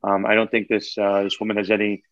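A man's voice: lowish voice, completely flat delivery, quick pace, no echo. Man chatting, muffled and dry. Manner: rambling, many fillers and restarts. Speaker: podcast co-host. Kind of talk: casual sports chat.

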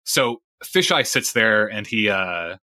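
A man narrating as game master in a tabletop game, relaxed and halting. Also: on the low side, dry recording.

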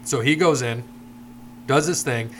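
A man's voice: medium pitch, a little slow, fairly bright tone, slight background noise. A middle-aged man hosting a casual podcast, telling long stories with a lot of swearing. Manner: rambling, profane storyteller. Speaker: podcast host.

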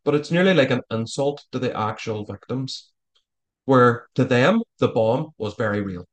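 A man's voice: medium pitch, lively intonation, normal speed. A man talking as a guest in a casual interview, rambling with frequent stammered restarts. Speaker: author guest.

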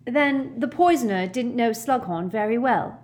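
A woman voicing a clever teenage girl who sounds stuffed up with a head cold, brisk and matter-of-fact. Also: a little high, expressive, darkish tone, voice pushed up. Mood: reasoning. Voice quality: stuffy, blocked nose.

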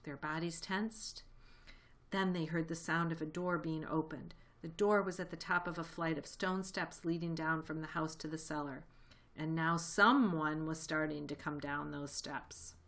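A woman narrating a children's chapter book aloud with a lively, expressive delivery. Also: sits low, moderate pace. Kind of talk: audiobook reading.

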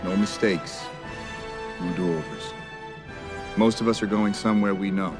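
A man's voice: sits low, steady tone, a little slow, over music. An actor playing a commanding male team leader who gives grave, clipped rallying orders, in a film clip. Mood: resolute. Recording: film clip with loud score.

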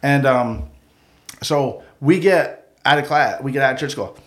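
A man's voice: medium pitch, unhurried. A man tells a childhood story to friends on a podcast, loose and chatty. He jumps into the voices of the people in the story as he goes. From Mohawk community of Akwesasne. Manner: animated, acts out the people in his stories. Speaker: podcast co-host telling a story. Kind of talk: casual storytelling.

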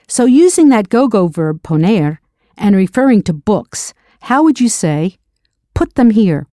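A woman narrates a scripted audio language lesson with a warm, mellow tone. She is recorded close and dry. She patiently poses drill questions and confirms each answer. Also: mid-range voice, sing-song, unhurried, no room sound. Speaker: language teacher.

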